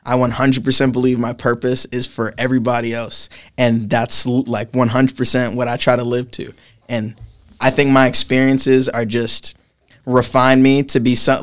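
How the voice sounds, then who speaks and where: A man in his twenties from Massachusetts, a podcast guest talking in a rambling, casual way, full of restarts. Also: mid-range voice. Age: 20s. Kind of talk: casual chat.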